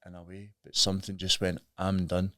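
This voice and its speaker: Deep-voiced Scottish man, frank and earnest. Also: completely flat delivery, a little fast, fairly bright tone, no echo, studio quality. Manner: earnest, frank, plain-spoken storytelling. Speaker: podcast guest. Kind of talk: candid recovery story in conversation.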